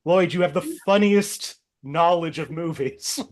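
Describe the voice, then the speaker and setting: A man's voice: on the high side, measured pace. A man hosting an online movie quiz game, reading out clues steadily and laughing often with the players. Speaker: game show host.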